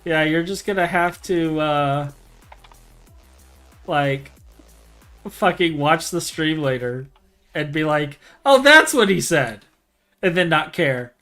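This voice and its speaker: A young man talks casually while streaming a game, trading sarcastic jokes and laughing with a friend. His voice sits a little high and has a bright, sharp edge. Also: slow pace, pauses often, soft background music. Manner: joking, sarcastic banter with frequent laughter. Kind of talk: casual gaming stream chat.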